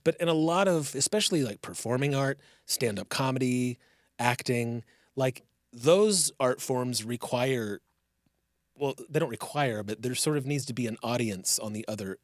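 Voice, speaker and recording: A man hosting a casual podcast, talking in a relaxed, rambling and reflective way. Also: mid-range voice, normal speed, dry recording, clean studio sound. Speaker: podcast host and comedian.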